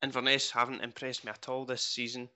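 A man's voice: mid-range voice, level tone, fairly quick, sharp tone. A man hosting a football podcast, modest and self-deprecating, reading out a fan's poem. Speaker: podcast host. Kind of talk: casual podcast chat and reading a poem aloud. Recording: dull lo-fi podcast audio.

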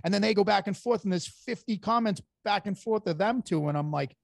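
Brash gravelly man, casual talk. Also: sits high, fairly quick, no echo, studio quality. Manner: brash, profane, animated storytelling. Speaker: guest. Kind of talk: casual podcast chat.

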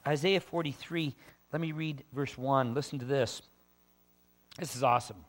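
A man's voice: a little high, moderate pace. A man preaching a sermon, stressing words for emphasis and talking to his listeners in casual asides between scripture readings. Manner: conversational asides to the congregation. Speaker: pastor.

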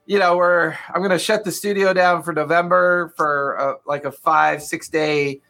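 A man's voice: on the high side, fairly even intonation, normal speed, creaky, bright, forceful tone. A man co-hosting a podcast in casual chat, rambling and leaning on "you know". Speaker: podcast co-host.

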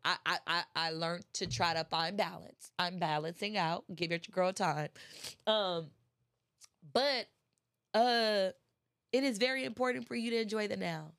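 A woman's voice: mid-range voice, a bit bright, no echo, studio quality. A woman giving a casual inspirational talk, emphatic and chatty, repeating phrases and speaking straight to her listeners. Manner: chatty, addresses listeners directly. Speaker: motivational speaker.

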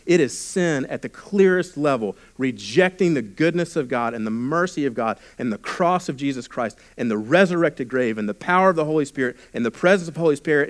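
A pastor preaching a sermon, reading scripture and explaining it, often dropping to a quiet, intimate tone and then rising with force. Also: male voice, a little high, expressive, brisk, hardly any pauses. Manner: preaching with sudden drops to a hushed voice and swells in volume.

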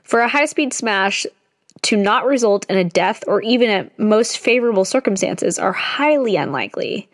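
A woman's voice: mid-range voice, expressive, normal speed, no echo, studio quality. A young woman reading stories aloud in a casual, chatty way, adding jokey asides between them. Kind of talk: casual read-aloud storytelling.

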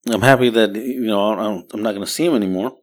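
A man's voice: on the low side, fast talker. A man, co-hosting a podcast and telling a rambling, profane story in casual chat. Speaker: podcast co-host.

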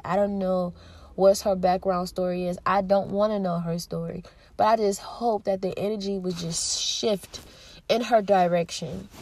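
An earnest woman in her thirties speaks alone as a podcast host, reflective and heartfelt, pausing and restarting as she thinks. Her mid-pitched voice sounds close and dry, with no room echo. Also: a little mellow. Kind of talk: reflective solo monologue.

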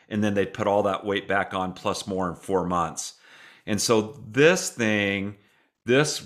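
This middle-aged man speaks as an interview guest in an earnest, heartfelt way. His voice sits a little low, and he talks through his story with sincere conviction. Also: a bit bright. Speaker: guest author. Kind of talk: interview conversation.

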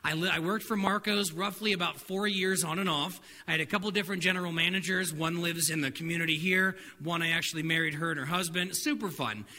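A middle-aged male pastor giving a sermon, telling stories with energy and dropping softer for his main points. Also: fast, hardly any pauses. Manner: animated storytelling with laughs and acted-out dialogue; drops soft and low for spiritual points. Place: church hall. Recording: reverberant hall, faint noise.

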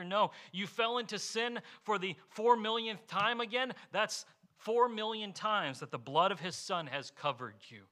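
A man's voice: high voice, sharp tone. A man pastor preaching a sermon in an earnest way, asking rhetorical questions and explaining with homely examples.

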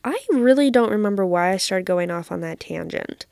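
A woman's voice: medium pitch, expressive, moderate pace, creaky, darkish tone, clear, resonant tone, no echo, studio quality. A young woman hosting a podcast, telling a story in a chatty, self-deprecating way and laughing often. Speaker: podcast host. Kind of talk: casual solo podcast storytelling.

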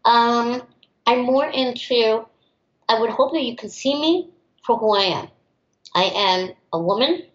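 An emphatic young woman from the United States, a teacher, answering interview questions in a fairly high voice. She talks with conviction and speaks up plainly. The recording is roomy and a little muffled. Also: measured pace. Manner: outspoken and emphatic, acts out others' voices. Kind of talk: interview answers, personal storytelling. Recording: roomy, slightly dull recording.

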